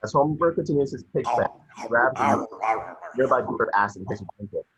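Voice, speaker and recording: A man reading stage directions in a plain, brisk way. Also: mid-range voice, lively intonation, crowd noise, rough recording. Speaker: scene description reader.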